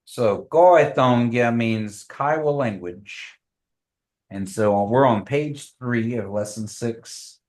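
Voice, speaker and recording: A man teaching a language class, speaking slowly and patiently, repeating phrases for the group. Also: medium pitch, darkish tone.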